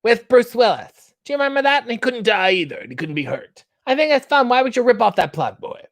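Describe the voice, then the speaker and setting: A man's voice: very high voice, big pitch swings, fast, a bit bright, no room sound, studio quality, voice pushed up, full character voice. A man doing an impression of a pompous, snide middle-aged male celebrity interviewer who fawns and insults in the same breath, tacking "boy" onto his questions. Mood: snide mock-flattery.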